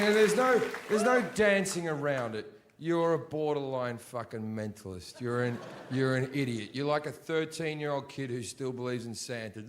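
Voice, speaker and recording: A man's voice: medium pitch, very noisy. A male stand-up comedian doing a blunt, profane, sardonic set on a live stage. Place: live comedy venue before an audience.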